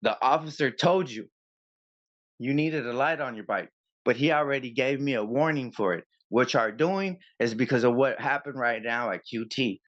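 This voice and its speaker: A man tells his story in a loose, animated way and slips into the other side's lines as he goes. His voice sits in a middle range. The audio is dull and lo-fi. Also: mid-range voice, normal speed. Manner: animated, acts out both sides of arguments. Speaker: copwatcher guest. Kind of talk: casual storytelling interview.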